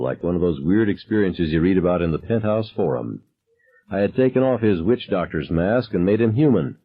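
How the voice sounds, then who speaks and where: A man narrating an audiobook in a lively, dramatic reading. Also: deep voice, slightly rough. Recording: dull lo-fi sound.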